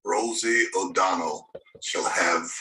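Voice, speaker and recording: A man playing a mock prophet who gives smug comic predictions in a deadpan, solemn oracle delivery, from a TV comedy sketch. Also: sits low, slow pace, roomy sound, exaggerated voice, rough recording.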